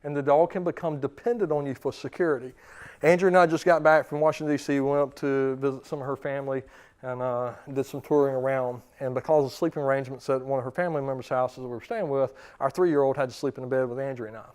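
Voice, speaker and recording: A man's voice: mid-range voice, fairly even intonation, quick pace, darkish tone. A man giving a seminar to dog owners as their trainer, talking conversationally, repeating words and checking in with his listeners. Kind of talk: seminar lecture to clients.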